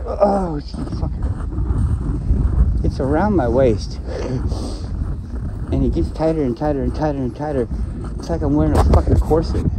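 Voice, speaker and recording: A man's voice: medium pitch, very noisy. A man ranting to himself in a rambling solo vlog, swearing often and complaining. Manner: profane, complaining, talks to himself. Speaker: vlogger.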